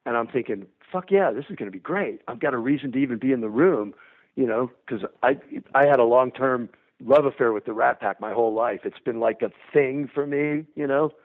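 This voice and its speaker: A man telling an animated, profane anecdote and acting out what people said. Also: mid-range voice, brisk. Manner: profane, energetic, acts out dialogue. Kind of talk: animated storytelling. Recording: tinny phone-like sound.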